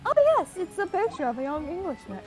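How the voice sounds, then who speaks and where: A woman's voice: high-pitched, sing-song, quick pace, soft background music. A woman reading a prim, polite young assistant.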